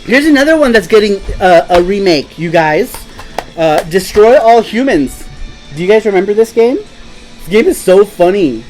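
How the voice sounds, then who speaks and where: A man's voice: high voice, very animated, normal speed, darkish tone, soft background music, low-quality recording. A man hosting a casual live stream, chatting in a rambling, laid-back way and laughing easily. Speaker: host.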